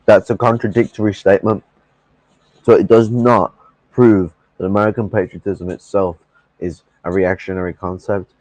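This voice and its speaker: A man's voice: on the low side, fairly even intonation, normal speed, a little mellow, no room sound, rough recording. A man debating on a reaction stream, argumentative and often stumbling over his words. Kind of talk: casual debate.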